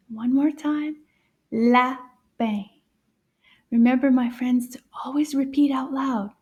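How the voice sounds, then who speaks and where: A woman teaching a children's French lesson in a gentle, encouraging way, often dropping into soft asides. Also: high voice, slightly rough.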